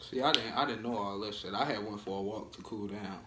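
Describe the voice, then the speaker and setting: A man's voice: lowish voice, brisk, noisy background. A young man telling his side of a relationship story in casual, joking vlog chat. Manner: loose, joking, cuts in. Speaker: vlogger, storytelling half of a couple.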